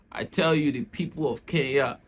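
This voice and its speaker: A man's voice: mid-range voice, measured pace, noisy background. A man from Nigeria hosting his own channel, giving chatty commentary with frequent laughter and repeated words. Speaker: channel host. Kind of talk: casual commentary to camera.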